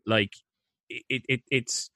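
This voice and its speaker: A man's voice: mid-range voice, steady tone, slow, bright, forceful tone, no echo, studio quality. A man co-hosting a casual film podcast, talking in a rambling way full of restarts and hedges. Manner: rambling, hesitant, many restarts. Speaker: podcast co-host reviewing films. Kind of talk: casual chat.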